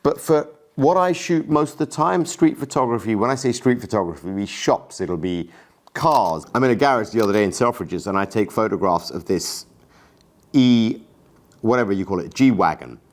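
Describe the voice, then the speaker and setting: Guy chatting about gear, kinda low voice, excited and jokey about himself. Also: normal speed. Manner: enthusiastic, self-deprecating, chatty. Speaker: camera gear vlogger. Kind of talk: casual gear review vlog.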